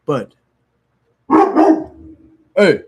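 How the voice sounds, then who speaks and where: Frank, rambling man talking about recovery. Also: drawn-out words. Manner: rambling, frank and profane, self-mocking. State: sneezing, withdrawal from opiates. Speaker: recovery vlogger. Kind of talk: casual candid talk to camera.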